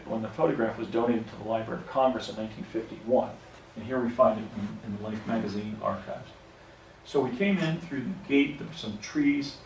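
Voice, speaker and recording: A man with a mid-range voice recounts a personal experience outside, unscripted and rambling, stopping often to self-correct and start over. The mic is at a distance, so there's roomy echo, faint ambience and slight background noise.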